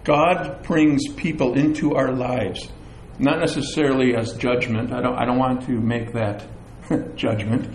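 A middle-aged man preaching a sermon as pastor, animated, with chatty asides and self-deprecating humor. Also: mid-range voice, measured pace, few pauses, a little hiss or hum. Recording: echoey room with faint ambience.

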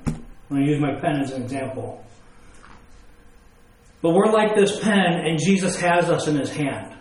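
Male preacher, slightly raised pitch, explaining scripture with homely examples, echoey room. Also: animated, measured pace, long pauses. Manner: explains with everyday examples and rhetorical questions. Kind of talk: sermon with scripture reading.

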